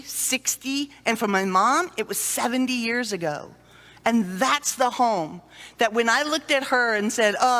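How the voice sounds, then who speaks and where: A high-pitched, bright-voiced woman gives an animated talk to a conference audience and acts out small scenes as she goes. Her voice rings with the long reverb of a large hall. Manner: animated storyteller, acts out sighs and little scenes. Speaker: conference speaker on dementia care. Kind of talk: lively presentation to an audience.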